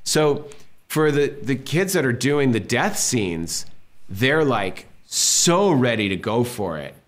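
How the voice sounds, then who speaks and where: A man in his fifties from Massachusetts tells stories in a casual interview. He jumps into other people's lines as he tells them, with a mid-pitched voice. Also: takes it slowly. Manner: animated storyteller acting out quotes. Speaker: director being interviewed.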